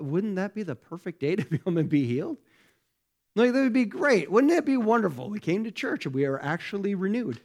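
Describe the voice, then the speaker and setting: A man gives a sermon as pastor, his voice sitting a little higher than most men's. He talks to the congregation conversationally. He keeps checking in with rhetorical questions. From United States. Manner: conversational, many rhetorical questions and "right?" tags.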